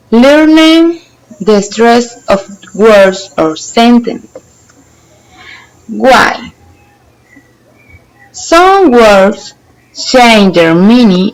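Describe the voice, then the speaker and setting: A young woman whose first language is Spanish, giving a student presentation on intonation, slow and careful with many pauses. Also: mid-range voice, creaky, low-quality recording. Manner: slow, careful, pausing often.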